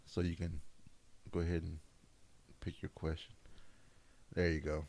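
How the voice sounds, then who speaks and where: A man's voice: low voice, little pitch movement, unhurried, creaky, a little mellow. A man from co-hosting a casual podcast with his wife, joking and swearing loosely as he chats. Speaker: podcast co-host. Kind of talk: casual chat.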